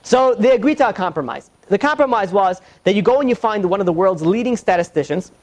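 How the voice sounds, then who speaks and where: A man teaching as a rabbi in an informal lecture, halting and full of "you know" fillers and restarts, with joking asides. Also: high-pitched, expressive, a little mellow.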